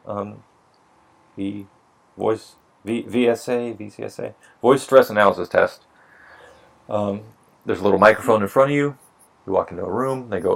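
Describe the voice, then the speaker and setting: Gravelly low-voiced man, wry and profane. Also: moderate pace, long pauses. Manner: profane, wry storytelling with mock dialogue. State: a little tipsy. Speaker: podcast co-host explaining police hiring. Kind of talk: casual drinking-podcast chat.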